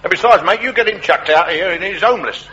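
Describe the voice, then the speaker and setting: An actor playing a cocky, argumentative landlord in a comedy sketch, talking in a cheeky, needling way. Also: male voice, sits high, fast, sharp tone, slight background noise, rough recording. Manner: cheeky, argumentative, calls everyone mate. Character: cocky working-class male London slum landlord, cheeky and argumentative.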